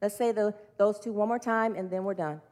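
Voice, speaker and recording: A woman's voice: medium pitch, fairly quick, darkish tone. A middle-aged woman minister preaching earnestly and leading her congregation in repeated spoken affirmations. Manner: earnest, leads the congregation in call-and-response.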